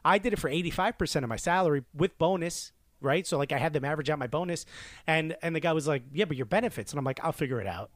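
A man from Newark in his thirties tells a story in a relaxed podcast conversation, slipping into the voices of the people in it. His voice sits a bit high for a man. It is recorded close and dry, with no room sound. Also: fast, no echo. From Newark, New Jersey. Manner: animated storyteller who acts out quoted dialogue. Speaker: podcast co-host telling a story. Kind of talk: casual chat, storytelling.

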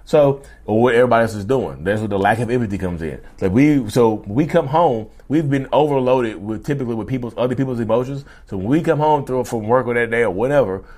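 Chatty, animated male podcast host. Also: mid-range voice, quick pace, few pauses. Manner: animated, chatty, repeats and restarts himself. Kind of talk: casual solo podcast monologue.

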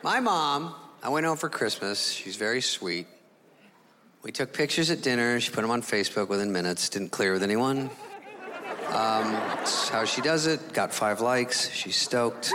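A man tells a rambling stand-up story, his pitch swinging widely as he acts things out. He performs on a large stage, with long hall reverb and audible noise around him. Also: a little slow, over a noisy crowd. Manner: rambling, animated storytelling with acted-out voices. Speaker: stand-up comedian. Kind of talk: stand-up routine.

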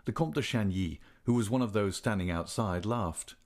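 A man reading a classic novel aloud in a measured, steady way. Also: lowish voice. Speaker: audiobook narrator.

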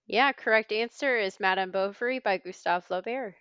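A woman hosting a trivia podcast, reading clues in a brisk, wry way. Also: medium pitch, fairly bright tone, clean tone, dry recording. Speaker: quiz host. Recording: slightly dull lo-fi sound.

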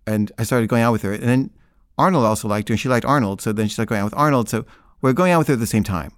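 A man's voice: medium pitch, racing, dry recording, clean studio sound. A man casually telling a personal story in the first person, rambling and conversational, with frequent filler words.

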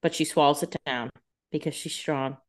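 A woman co-hosting a casual podcast, chiming in with wry, jokey asides and quick banter. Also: deep voice, fairly even intonation. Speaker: podcast co-host. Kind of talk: casual chat.

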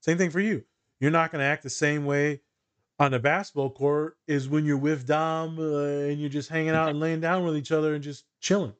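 A man's voice: a little high, steady tone, normal speed, clear, resonant tone. Joking man in casual podcast banter. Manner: laughing, profane, joking banter. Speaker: co-host, therapist.

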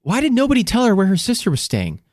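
A male podcast co-host in loose, casual conversation, dropping swear words and laughing as he goes. His pitch swings widely, rising and falling with every point he makes. The recording is dry and close, with no room sound. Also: fast talker, dry recording. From United States. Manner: swearing, animated, laughing often. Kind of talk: casual chat.

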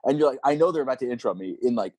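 Wry guest comic with a lively voice. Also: male voice, mid-range voice, rapid-fire, breathy edge, dry recording. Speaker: guest comedian. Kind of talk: casual podcast chat.

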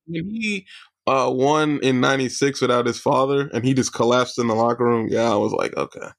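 A young man co-hosting a podcast who tells stories in a lively, casual way and laughs often. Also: mid-range voice, fairly quick, creaky, no room sound, clean studio sound. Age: young adult. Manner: animated storyteller, laughs often. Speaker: podcast co-host. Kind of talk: casual chat.

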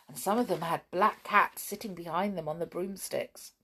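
A woman reading a children's story aloud in a slow, expressive way. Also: fairly low pitch, slightly rough.

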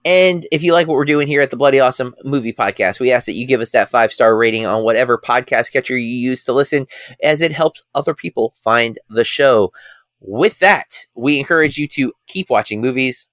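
An American man co-hosts a movie podcast, chatting casually in a loose, rambling way full of restarts. His mid-range voice is fairly quick and a little bright. The close mic keeps the sound dry, with no echo or room sound.

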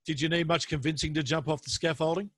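A man hosting a podcast interview asks friendly, leading questions. His voice is slightly high. The room is dead and dry. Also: steady tone, fast talker, a bit bright, dry recording.

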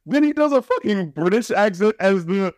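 Animated high-voiced man riffing on a movie. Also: moderate pace, dry recording, clean studio sound. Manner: animated, profane, mocking impressions. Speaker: podcast co-host. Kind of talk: casual movie review chat.

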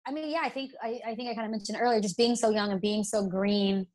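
A young woman from Alabama talks as an interview guest, candid and self-deprecating, with only a faint Southern accent left. Her voice sits at an ordinary middle pitch, and she often breaks off and restarts her sentences. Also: fairly even intonation, quick pace, darkish tone. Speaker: interview guest, broadcast presenter. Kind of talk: casual interview.

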